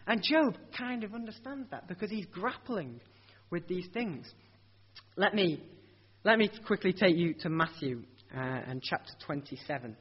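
A man's voice: sits high, expressive, moderate pace, husky. A man preaching a sermon in an earnest, conversational way, asking rhetorical questions and often restarting his sentences. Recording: dull lo-fi recording.

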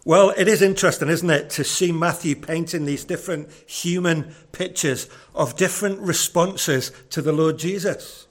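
A man's voice: on the high side, normal speed, hardly any pauses. A man preaching a sermon in a conversational, earnest way, often repeating words as he goes.

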